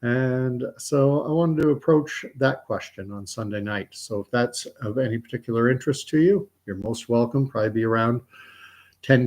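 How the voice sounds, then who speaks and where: Canadian guy rambling on a live stream, quiet, lots of ums and uhs, medium voice. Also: medium pitch. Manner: rambling, soft-spoken, many fillers. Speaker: joke-telling livestream host. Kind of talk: casual live-stream chat.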